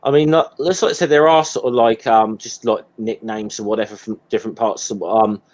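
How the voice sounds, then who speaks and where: A man's voice: fairly low pitch, fairly even intonation, a little fast, a little mellow. A man in casual group chat on a stream, talking hesitantly with many ums and restarts. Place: Hampshire home, voice call.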